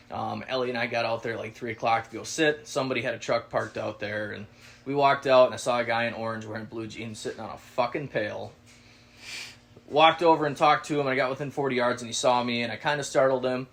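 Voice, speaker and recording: A man's voice: medium pitch, a little fast. A man co-hosting a podcast, telling a casual story, swearing freely and acting out the people he quotes. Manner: animated, swearing, acts out quoted voices. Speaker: podcast co-host.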